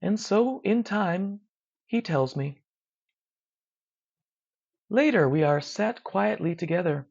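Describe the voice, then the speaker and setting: A narrator reading a dark first-person horror story in a slow, measured, hushed way. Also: mid-range voice, expressive. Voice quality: gravelly. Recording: dull lo-fi recording.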